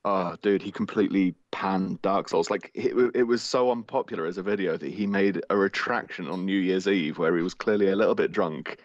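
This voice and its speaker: A man's voice: low voice, a little fast, few pauses, lo-fi sound. A man chatting casually on a podcast, ranting earnestly about games.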